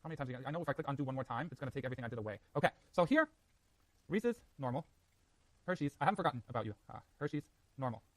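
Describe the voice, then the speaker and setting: A man lecturing a university class, quick and lively, joking with students as he works through a diagram. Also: mid-range voice, no echo. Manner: fast, animated, jokey asides to students.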